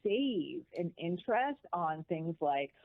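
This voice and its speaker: A woman guest on a radio interview, an animated and emphatic storyteller talking about money. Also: fairly low pitch, takes it slowly, vocal fry, no echo. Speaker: guest, financial educator. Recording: tinny phone line.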